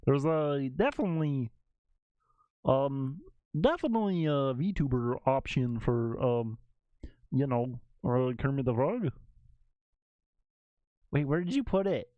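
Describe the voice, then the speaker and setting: Giggly excitable male streamer. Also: medium pitch, slow, pauses often, no room sound, highs cut off. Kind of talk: casual chat.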